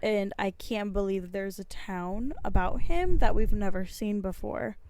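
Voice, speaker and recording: A woman's voice: medium pitch, measured pace, darkish tone, smooth. A woman co-hosting a casual podcast chat, joking with dry understatement. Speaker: podcast co-host.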